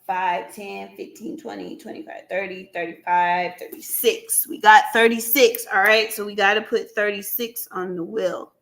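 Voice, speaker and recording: A woman hosting a live stream in a casual, chatty way. She keeps talking to her viewers as y'all and breaks into excited shouts and laughs. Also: medium pitch, moderate pace, vocal fry, hardly any pauses. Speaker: livestream host running a giveaway. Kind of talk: casual livestream chat with viewers. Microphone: computer mic on a live stream.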